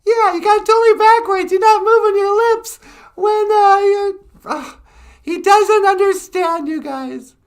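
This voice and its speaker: A man voicing a sassy, mocking ventriloquist-dummy girl in a shrill, squeaky, bossy, teasing voice. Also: a little slow.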